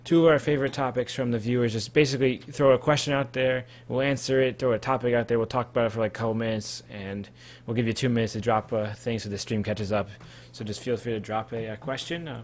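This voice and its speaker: Male podcast host, average pitch, loose rambling delivery over a call mic. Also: fairly even intonation, quick pace, a little hiss or hum. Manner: rambling, self-correcting. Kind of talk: casual live-stream chat.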